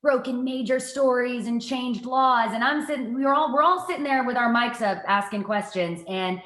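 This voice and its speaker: Animated woman telling stories, echoey room. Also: fairly high pitch, normal speed. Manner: lively, animated storytelling with self-mocking asides. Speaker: guest, TV reporter and anchor. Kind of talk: casual interview storytelling.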